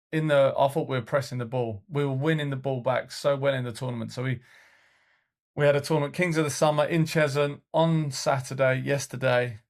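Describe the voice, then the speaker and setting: Gravelly man, rambling chat. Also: medium pitch. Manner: rambling storytelling with many fillers and restarts. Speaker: podcast co-host and youth football coach. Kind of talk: casual podcast chat.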